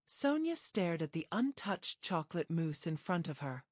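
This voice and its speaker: A woman's voice: very animated, normal speed, hardly any pauses, no echo, clean studio sound. A woman narrating a romance drama, reading scripted lines with a dramatic storytelling manner. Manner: dramatic storytelling, acting out dialogue with lifted pitch.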